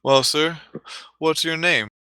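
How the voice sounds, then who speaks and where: A man's voice: a little high, slow pace, bright, forceful tone, clear, resonant tone, dry recording, voice pushed up. A man voicing an old, decrepit male clown who stammers and fumbles his words. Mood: showman-polite. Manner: hesitant, fumbling with ums and polite fillers.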